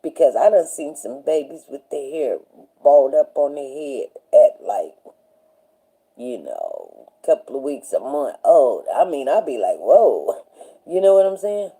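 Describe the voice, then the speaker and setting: A woman's voice: sits low, mellow, rough recording. A middle-aged woman hosting a casual live talk show, rambling through stories and often checking in with her viewers. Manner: rambling, storytelling, often asking "you know what I'm saying". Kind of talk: casual livestream chat.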